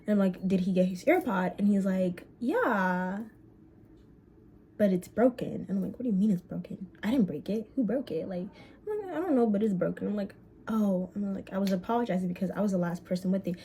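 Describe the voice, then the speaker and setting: A young woman vlogger telling a story in casual chat, animated and swearing, with quick bursts and drawn-out words. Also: mid-range voice, slight background noise.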